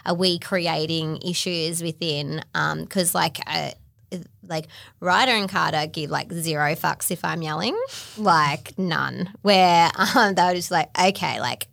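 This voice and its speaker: Woman host, low and gravelly, loose chatty delivery. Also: slow pace, a bit bright, dry recording. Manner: chatty, lots of fillers, self-mocking. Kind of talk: casual chat.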